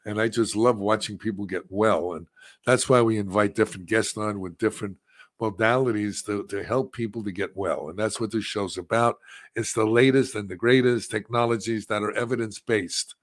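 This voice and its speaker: A man's voice: lowish voice, fairly even intonation, moderate pace, no room sound, clean studio sound. A man hosting a talk show and running a clinic, rambling and boastful in casual talk. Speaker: host and clinic owner.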